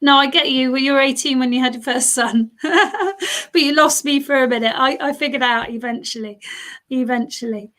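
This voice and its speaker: A woman's voice: high-pitched, normal speed, bright, forceful tone. A British woman giving a chatty live-streamed mediumship reading, reading out viewer comments and talking straight to them. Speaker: spiritualist medium.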